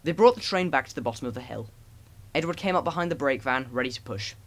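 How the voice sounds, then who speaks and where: Guy reading a kids' storybook aloud, calm and even, mid-pitched voice. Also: quick pace. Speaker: audiobook narrator.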